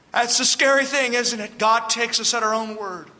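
A man preaching a sermon, reading scripture aloud and commenting, swinging from loud declaring to low hushed warning. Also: fairly even intonation, normal speed, hardly any pauses. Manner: reads scripture aloud, then breaks off to comment. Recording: long reverb from a hall.

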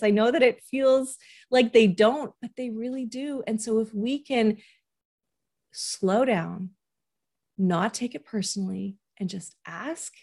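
A woman's voice: on the high side, darkish tone. A woman in her forties, a parent coach hosting a podcast and giving earnest, reassuring advice, who often acts out what parents and children say.

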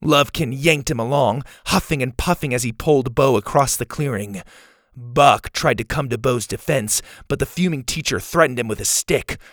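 A man's voice: mid-range voice, moderate pace, no echo, studio quality. A man narrating a children's story and thanking listeners as host of the show.

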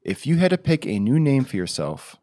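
Low voice guy joking around on a podcast, bouncy pitch, dry sound. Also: sing-song, fairly quick, mellow, dry recording. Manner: playful and joking. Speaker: podcast co-host. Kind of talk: casual podcast chat.

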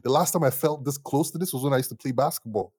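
A young man telling stories about his music start in a casual interview, animated and slangy, laughing often. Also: mid-range voice, fast talker, breathy edge, dry recording. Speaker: musician guest.

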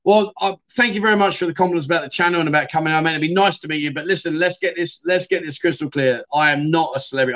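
A man's voice: a little high, fairly bright tone. A middle-aged man hosting a casual livestream, reading viewer comments and chatting in a self-deprecating way. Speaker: livestream host.

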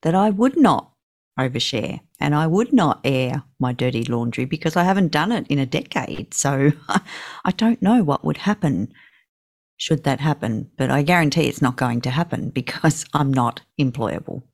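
A woman's voice: low-pitched, lively intonation, normal speed, a little mellow. A woman co-hosting a podcast in casual chat, self-mocking and laughing at herself. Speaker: podcast co-host.

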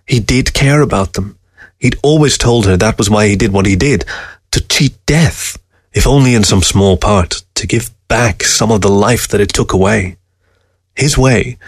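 A man narrating a short story aloud in a calm, steady storytelling manner. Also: fairly low pitch, no room sound, studio quality. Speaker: story reader. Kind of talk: audiobook narration.

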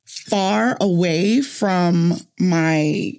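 A young woman from New Orleans hosting a casual podcast chat, animated and quick to repeat herself when she gets excited. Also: on the low side. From New Orleans, USA. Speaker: podcast host.

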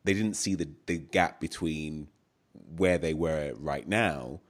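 A man with a very deep, low voice hosting a podcast interview. He speaks in a measured way and pauses now and then to find his words. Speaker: podcast host.

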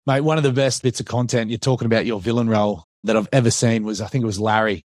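Fast-talking Australian podcast host. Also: male voice, lowish voice, steady tone, darkish tone, dry recording, clean studio sound. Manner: friendly and matey, quick-talking. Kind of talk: casual podcast chat.

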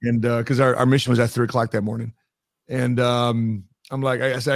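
A middle-aged man talks as an interview guest at an ordinary pitch and tells his stories with energy, playing out every bit of dialogue. The sound is dry and close, with no room around it. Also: a little fast, gravelly, no room sound. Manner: animated storyteller who acts out quoted dialogue. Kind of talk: conversational interview storytelling.

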